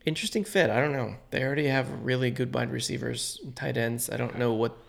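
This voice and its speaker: Gravelly man running a sports chat. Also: medium pitch, fairly quick. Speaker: podcast co-host leading the sports segment.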